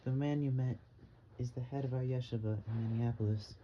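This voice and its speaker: A man reading a stern, quiet father. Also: medium pitch, steady tone, brisk, natural voice. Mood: firm. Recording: dull, slightly muffled with faint hiss.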